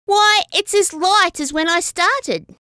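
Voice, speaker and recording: A woman's voice: very high-pitched, takes it slowly, no room sound, clean studio sound, voice pushed up, heavily acted. A woman voicing an eager, boastful young animal ranger in a children's storybook. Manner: boastful, excitable.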